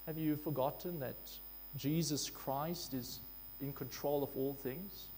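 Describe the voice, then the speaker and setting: Guy preaching a sermon, kinda high voice, big echoey hall, low hum underneath. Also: fairly even intonation, unhurried, a little mellow. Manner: emphatic, repeating key phrases. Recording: long hall reverb with faint mains hum.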